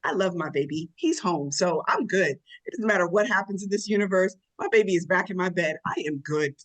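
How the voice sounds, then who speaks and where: A woman co-hosting a radio talk show, telling personal stories in an emphatic, animated way. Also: on the low side, brisk, low-quality recording. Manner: warm, emphatic, storytelling. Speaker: radio co-host. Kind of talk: casual radio chat.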